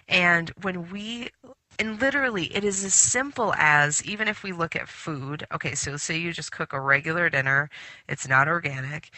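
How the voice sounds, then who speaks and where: Woman, spiritual radio host; very bright tone, dry close sound, chatty rambling delivery with lots of fillers. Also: low voice, no room sound. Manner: rambling storytelling with many fillers. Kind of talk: spiritual talk radio monologue.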